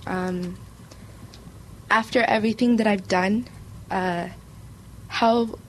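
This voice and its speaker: A woman's voice: mid-range voice, slight background noise, rough recording. A young woman answering a pastor's question hesitantly, with many fillers. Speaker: guest.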